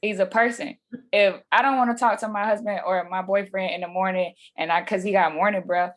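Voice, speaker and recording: A woman's voice: medium pitch, fairly even intonation, fairly quick. A woman telling her story as a guest on a podcast. She talks casually and with animation, uses slang and acts out what people said.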